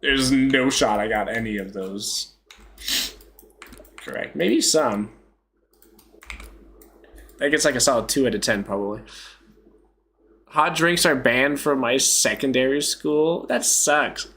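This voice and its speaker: A man's voice: medium pitch, slow pace, pauses often, fairly bright tone, a little hiss or hum. A young man chatting casually on a live stream, joking, self-mocking and laughing often.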